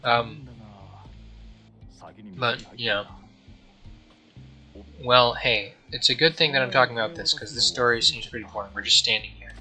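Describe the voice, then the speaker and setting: A man's voice: medium pitch, a little slow, long pauses, sharp tone, soft background music, rough recording. A young man casually commenting while playing a game, rambling and joking, often mumbling and trailing off. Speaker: gameplay streamer.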